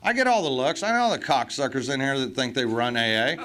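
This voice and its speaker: A man's voice: mid-range voice, fast talker, few pauses, sharp tone. A man speaking at a recovery meeting, blunt and profane, with self-mocking humor. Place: meeting hall.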